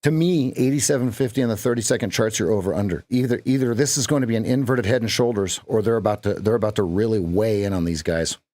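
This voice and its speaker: A man's voice: fairly low pitch, quick pace, few pauses, dark tone. A man with an Alaskan accent, a trading coach chatting casually and muttering to himself while watching charts on a live stream.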